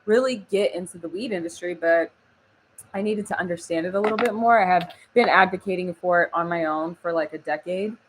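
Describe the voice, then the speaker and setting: A woman's voice: on the low side, a little fast, background noise. A young woman from Oklahoma chatting casually on a live stream, laughing often and reading the chat aloud. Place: home studio.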